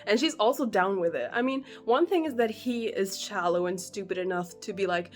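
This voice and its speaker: A woman giving her reactions in a casual book vlog, animated and exasperated, laughing often and swearing, recorded on a phone held at arm's length. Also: medium pitch, normal speed, soft background music. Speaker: book vlogger.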